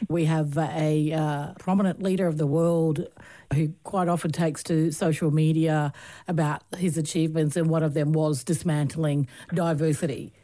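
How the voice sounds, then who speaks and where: A woman's voice: deep voice, steady tone, normal speed, warm tone. A woman hosting a radio interview, conversational and asking questions. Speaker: radio host.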